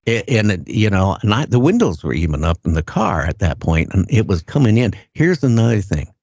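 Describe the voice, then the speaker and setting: An older man with a very low voice tells his story in a plain, earnest way. He stops and restarts, often repeating words as he goes. The sound is dull and lo-fi and very dry, with no room around it. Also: sing-song, a little fast, a little mellow, dry recording. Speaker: guest recounting an encounter. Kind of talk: casual first-person storytelling.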